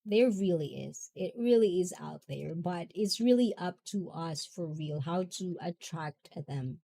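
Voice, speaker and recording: Giggly, slow-talking woman. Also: on the low side, animated, creaky, warm tone. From half Japanese, half Filipina. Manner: giggly, chatty, often laughing. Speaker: livestream host. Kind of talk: casual livestream chat reading comments.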